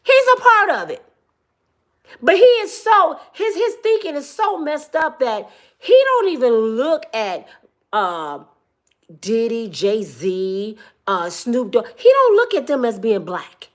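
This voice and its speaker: Woman ranting, high voice, very animated pitch, emphatic and preachy, tearful edge. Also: takes it slowly. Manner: emphatic, preachy, repeats words for stress. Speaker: commentary vlogger. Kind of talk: impassioned commentary monologue.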